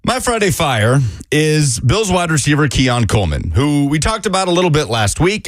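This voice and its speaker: A man co-hosting a sports radio show, talking through football news in an animated, conversational way on a studio microphone. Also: medium pitch, no echo. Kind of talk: casual sports radio chat.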